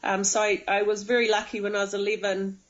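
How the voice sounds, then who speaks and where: A woman with a New Zealand accent, a guest on a radio show, chatting in a relaxed way with many ums. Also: mid-range voice, quick pace, highs cut off. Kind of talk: phone-in interview.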